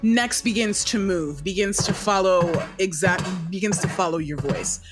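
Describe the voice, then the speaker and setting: A woman running a tabletop game as dungeon master, narrating slowly in a casual, descriptive way. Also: medium pitch, music in the background. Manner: slow, descriptive, casual swearing.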